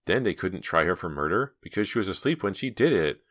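A man voicing teenage girls in an audiobook, raising his voice above his own low register for their dialogue. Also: very animated, fairly quick, no room sound, clean studio sound, exaggerated voice. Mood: chatty. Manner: lifts his voice higher and louder for the girls.

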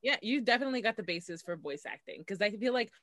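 A woman's voice: medium pitch, expressive, fast, a bit bright. Woman co-host, mid-range voice, supportive and encouraging. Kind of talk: casual interview chat.

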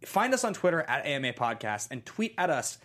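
A man's voice: on the high side, a little fast. A man co-hosting a movie podcast, chatting casually and joking, with lots of "like" and "um". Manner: relaxed, joking, many fillers. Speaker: podcast co-host.

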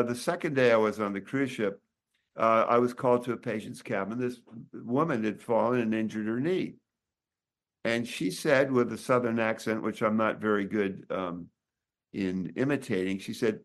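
A man over sixty talks in a low, easygoing voice, wandering through his anecdotes. He stops and restarts often, hunting for words. It is casual interview chat rather than a prepared speech. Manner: rambling, halting, many restarts. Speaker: author and doctor.

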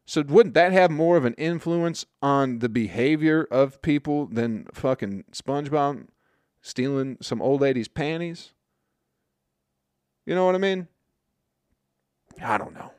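A man hosting a show, telling a story in a profane, rambling comedic monologue with deadpan asides. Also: medium pitch, measured pace, pauses often, smooth, no room sound. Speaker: podcast host.

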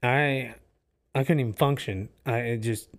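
An earnest man talks through a faith podcast, pausing and restarting as he feels for his words. His tone is reflective and sincere, and his voice sits at an ordinary middle pitch. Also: crowd noise. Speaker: podcast co-host. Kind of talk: casual faith podcast chat. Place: office used for recording podcasts.

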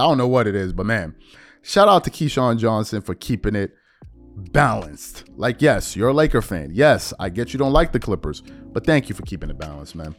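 Man, fairly low voice, sports podcast host, casual slangy talk, emphatic, repeats himself. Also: expressive, a little fast, faint music behind. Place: lives abroad, recording at home.

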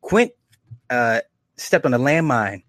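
A man's voice: medium pitch, very animated, slow pace, a bit bright, no echo. Casual man recapping episodes, dry sound. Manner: loose retelling with acted quotes and laughs. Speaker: show reviewer.

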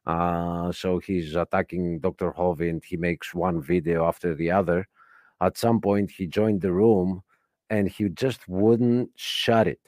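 A man who is a guest on an online talk show, telling a story in an animated, mocking manner. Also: low voice, measured pace, no echo, clean studio sound. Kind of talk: casual chat.

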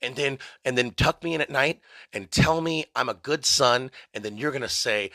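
Guy doing a rambly comedy podcast rant, swears a lot, bright voice, super dry close sound. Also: medium pitch, moderate pace, dry recording. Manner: mock-ranting, profane, deadpan absurd. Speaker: podcast host.

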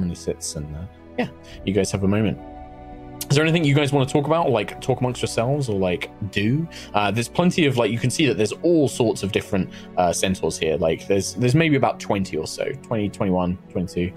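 A man's voice: on the low side, expressive, fairly quick, darkish tone, faint music behind. A man serving as game master, narrating a tabletop game in a loose, conversational way with many fillers.

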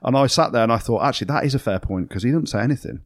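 An English former rugby player hosting a podcast, opinionated and teasing in casual sports banter. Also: male voice, mid-range voice, lively intonation, very fast, no echo. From England.

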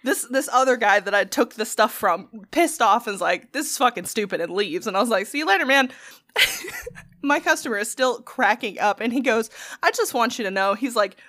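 A woman co-hosting a podcast, telling a story in casual chat, animated and laughing often, swearing freely. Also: on the high side, moderate pace, no echo. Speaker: podcast co-host.

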